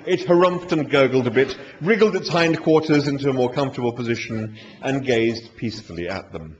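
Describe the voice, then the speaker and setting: A man reading comic fiction aloud live in a dry, wry, animated manner. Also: medium pitch, a little fast, few pauses, slight background noise. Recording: dull lo-fi live recording.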